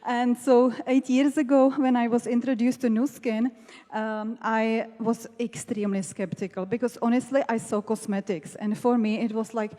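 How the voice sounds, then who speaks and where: A woman's voice: on the high side, steady tone, normal speed, mellow. Candid woman panelist in a big hall. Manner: candid, laughing, gets emotional. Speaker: panelist, doctor turned network marketer. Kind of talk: personal testimony on a stage panel. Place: large hall at a business event. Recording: reverberant hall.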